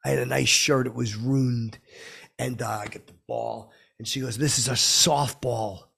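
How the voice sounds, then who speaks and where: A man's voice: medium pitch, steady tone, normal speed, creaky, a bit bright, breathy edge. A man rambling through a comic story, stammering and repeating himself in a brash way. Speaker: comedy podcast host telling a story.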